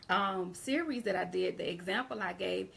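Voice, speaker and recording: A woman with a Southern American accent talks through an English grammar lesson in a loose, conversational way. Her voice has a gravelly edge, and her pitch sits in the middle. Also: normal speed, fairly bright tone. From Southern United States. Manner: conversational, repeats and restarts phrases. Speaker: English teacher. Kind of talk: casual online grammar lesson.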